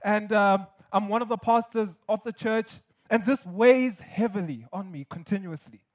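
A man's voice: high-pitched, moderate pace. A man pastor preaching a sermon in an earnest, emphatic way, with repetition and light humor.

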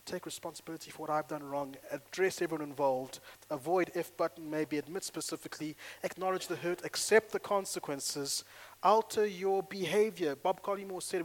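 A male pastor in full sermon mode, speaking in a somewhat high voice. He acts out little exchanges as he preaches and moves from loud bursts to hushed, soft moments. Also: brisk. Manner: animated, acts out little dialogues, swings between loud and hushed.

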